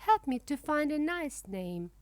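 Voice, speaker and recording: A woman's voice: high-pitched, big pitch swings, unhurried, no echo, voice pushed up. Woman doing a sick young girl ostrich. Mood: childlike. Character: sick girl ostrich, once grumpy, now kind.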